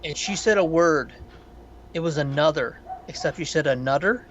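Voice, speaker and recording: A man's voice: on the high side, normal speed, lo-fi sound, slight background noise. A man co-hosting a podcast, chatting casually and profanely about a film in a rambling way. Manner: rambling, profane, animated storytelling. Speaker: podcast co-host. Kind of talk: casual film review chat.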